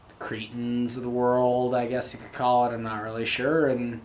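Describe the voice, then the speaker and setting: This young man's mid-range voice shows little pitch movement and moves at a normal speed as he hosts his own show. His casual monologue rambles along, packed with fillers. There's a roomy echo, faint ambience, and slight hiss or hum.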